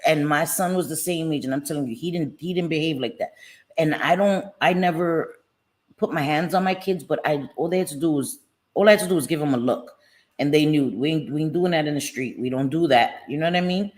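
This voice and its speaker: A woman's voice: deep voice, fairly quick. A middle-aged woman, telling stories bluntly and with profanity on a casual live stream chat. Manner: blunt, animated storytelling with profanity.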